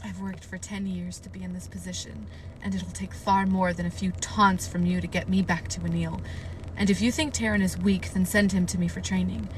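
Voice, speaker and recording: A woman's voice: lowish voice, flat delivery, a little fast, a little hiss or hum, lightly acted, poor audio. A woman voicing a proud, angry young nobleman who talks back to his father, in a storybook reading. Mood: defiant. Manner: defiant, clipped.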